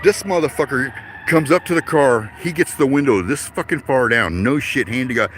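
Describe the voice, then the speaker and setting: A man's voice: medium pitch, fast talker, fairly bright tone, a little hiss or hum. A man telling a long casual story, rambling and profane, chuckling between lines. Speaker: vlogger.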